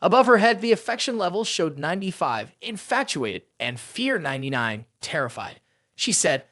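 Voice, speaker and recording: A narrator reading a scripted story recap in a brisk, even storytelling manner. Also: mid-range voice, no echo, clean studio sound.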